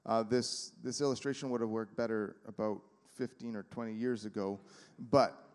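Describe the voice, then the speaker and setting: A man's voice: fairly low pitch, fairly even intonation, normal speed. A man preaching a sermon in a church, speaking conversationally with many fillers and acting out little quotes. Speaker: pastor. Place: church sanctuary. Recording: reverberant hall.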